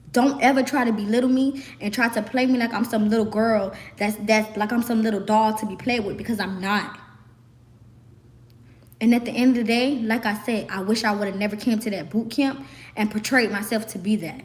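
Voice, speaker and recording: A young woman from the American South with a Southern accent, hoarse from screaming, ranting sassily and emphatically to camera. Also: fairly high pitch, steady tone, fairly quick. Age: young adult. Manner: sassy, emphatic, repeats herself. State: hoarse, voice worn out. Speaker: vlogger.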